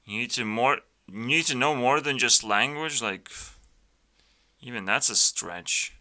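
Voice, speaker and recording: Slow, profane ranting man. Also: medium pitch, pushed and bright. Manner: blunt, profane, full of fillers and restarts. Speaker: youtuber reacting to videos. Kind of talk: casual ranting commentary.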